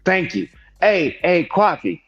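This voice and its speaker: A man's voice: high voice, very animated, takes it slowly, dull audio, faint music behind. Emphatic older man on a livestream panel. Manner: emphatic, repeats "I'm telling you", preachy. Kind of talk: heated panel discussion.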